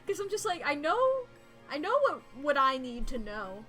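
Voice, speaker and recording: Woman streamer, casual self-deprecating commentary, somewhat high voice. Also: wildly swooping pitch, unhurried, bright, forceful tone, soft background music. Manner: rambling, self-deprecating, giggly asides. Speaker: streamer playing a story game. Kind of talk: casual game commentary, reading dialogue aloud.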